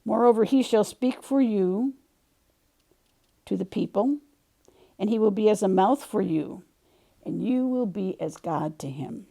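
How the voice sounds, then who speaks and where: Woman reading God, solemn male deity, slow, measured scripture tone. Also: mid-range voice, expressive, gravelly, mellow.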